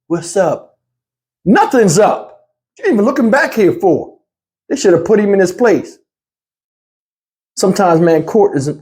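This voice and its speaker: A man's voice: a little high, mellow. Blunt, heated male commentary host. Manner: blunt, heated, slangy, talks straight to viewers. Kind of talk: casual reaction commentary.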